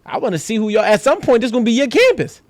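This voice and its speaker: Fast-talking high-voiced man from Philadelphia. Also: no room sound. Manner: animated, profane street talk with mimicked quotes. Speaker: podcast guest. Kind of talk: casual podcast conversation.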